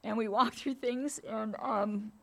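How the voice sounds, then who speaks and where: Bright-voiced woman sharing at a meeting. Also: fairly high pitch, fairly even intonation, takes it slowly, creaky. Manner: candid, storytelling, laughs often. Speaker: AA meeting speaker. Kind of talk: personal recovery share. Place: meeting room.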